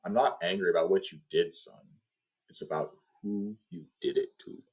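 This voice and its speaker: A man voicing a cold, stern older mob boss who speaks slowly and gravely while retelling a movie. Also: low-pitched, lively intonation, darkish tone.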